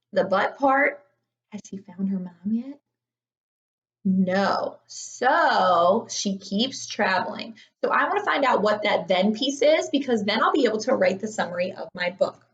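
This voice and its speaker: A woman's voice: medium pitch, lively intonation, a little slow, muffled recording. A young woman teaching third graders in an upbeat, encouraging recorded online lesson. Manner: upbeat, encouraging, talks to children.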